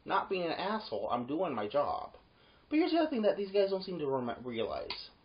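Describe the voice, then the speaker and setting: A security guard telling a workplace story in a casual monologue. The voice swings up when heated and drops low for asides. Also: huge pitch swings, brisk, muffled recording. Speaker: yard gate security guard.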